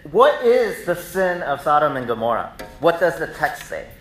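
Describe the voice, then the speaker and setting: A man preaching a sermon in a relaxed, conversational way, telling animated stories to the congregation. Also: on the high side, moderate pace, roomy sound, faint music behind, low-quality recording. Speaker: pastor. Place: church sanctuary.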